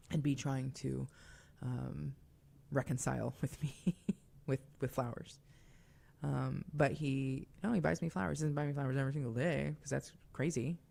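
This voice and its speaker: Young woman hosting call-in radio, low gravelly voice, chatty asides and fillers. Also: mellow. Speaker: radio show host. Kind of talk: casual call-in radio talk.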